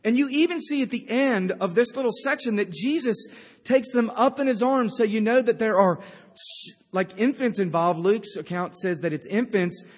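Guy preaching a sermon, kinda high voice, lots of hall reverb, emphatic. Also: normal speed, slightly rough. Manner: emphatic storytelling with acted-out quotes. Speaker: pastor.

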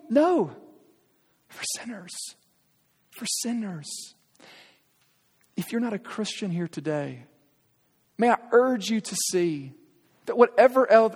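A man in his thirties preaching a sermon as a pastor. He addresses the congregation directly in an earnest, urging way and asks many rhetorical questions. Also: high-pitched. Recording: long hall reverb.

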